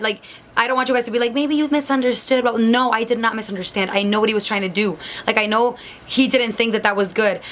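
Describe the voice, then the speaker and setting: A young adult woman tells a storytime vlog in a chatty way, full of "like"s, acting out what others said. Her voice is medium-pitched and a bit bright, with a little hiss or hum in the recording.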